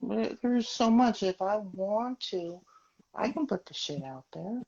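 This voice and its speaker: A woman arguing as a guest on a livestream, halting and defensive. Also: medium pitch, expressive, gravelly, dark tone, dry recording. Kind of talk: heated livestream argument. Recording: lo-fi call audio with crowd noise.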